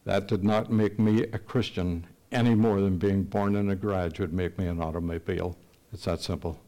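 A man preaching a sermon, telling stories in an earnest, slow and emphatic way. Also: low voice, fairly even intonation, mellow.

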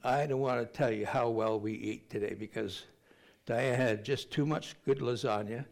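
A man's voice: medium pitch, fairly even intonation, moderate pace, creaky, a little mellow. Older male pastor preaching conversationally. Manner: conversational preaching, jokes with the congregation. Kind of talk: sermon.

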